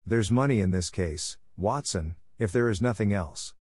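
A man voicing a sharp, dry, self-assured detective in a brisk, confident way in an audiobook. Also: fairly low pitch, husky, no room sound.

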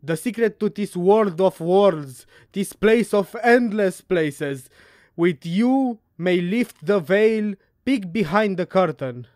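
A woman's voice: mid-range voice, lively intonation, slow, a little mellow, no echo, studio quality, voice pushed up. A woman reading aloud in the grave, declaiming voice of a solemn, mysterious man who writes a letter.

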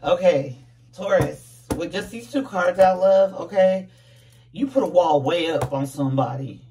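A slightly hoarse tarot reader chatting casually and playfully, full of slang and repeated "okay?" asides. The mic sits a little way off. A faint hiss runs underneath. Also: mid-range voice, moderate pace, warm tone, distant mic. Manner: jokes about putting on a fake accent. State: voice going hoarse. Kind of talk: casual tarot reading to camera.

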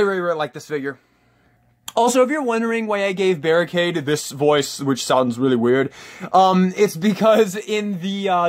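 A man hosting a casual toy review, enthusiastic and rambling, with a lot of restarts and some casual swearing. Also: fairly high pitch.

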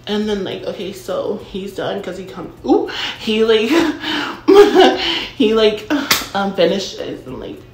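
A young woman tells a comedic storytime in a brash, self-absorbed, ditzy valley-girl voice, dropping "like" into every other phrase and swearing casually. Her mid-range voice is steady, a little mellow, and measured in pace. Soft background music plays, and the recording has a roomy echo.

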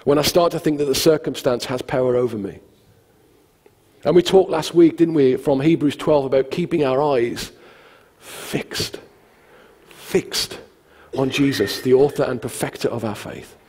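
A man's voice: mid-range voice, moderate pace, husky, big-room sound. A man, a pastor preaching a sermon, telling the stories conversationally and acting out the quotes. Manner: conversational, animated storytelling with acted quotes. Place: church hall.

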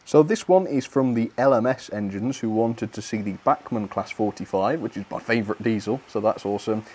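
A man's voice: fairly low pitch, fairly quick, a little mellow, breathy edge. A man hosting a live stream in a cheerful, chatty way, laughing often as he runs his trains and reads out viewer comments. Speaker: host of a model railway live stream. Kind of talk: casual live-stream chat.

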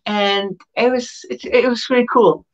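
A woman's voice: on the high side, fairly even intonation, a little slow, dull audio. A woman, a professional wrestler telling stories as an interview guest, laughing often and acting out the voices of the people she quotes. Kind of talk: casual storytelling.

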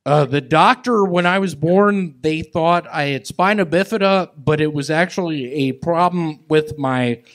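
A man doing stand-up on stage, with a slow, halting, awkward delivery full of odd pauses. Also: on the high side. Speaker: comedian. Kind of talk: live stand-up and crowd banter. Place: comedy stage with live audience.

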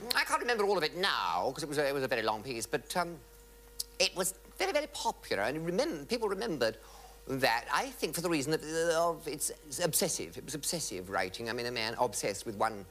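A man's voice: sing-song, fast talker, fairly bright tone, some chatter behind, a little hiss or hum, rough recording. Theatrical middle-aged male raconteur. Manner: theatrical, with sudden pitch leaps and mock outrage. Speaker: comic raconteur. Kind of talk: comic anecdote told to a live audience. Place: television studio before an audience.

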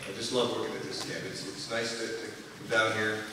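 A bandleader giving rambling, joking stage banter between tunes at a live concert, chuckling often. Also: male voice, lowish voice, little pitch movement, brisk. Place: concert hall with an audience. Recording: echoey hall from far off, noisy.

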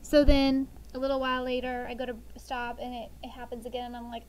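A middle-aged woman teaching a sixth grade class, talking lively and telling funny family stories to the students. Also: fairly high pitch, quick pace, a little hiss or hum, poor audio. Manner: lively, animated storytelling. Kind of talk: classroom lesson with storytelling.

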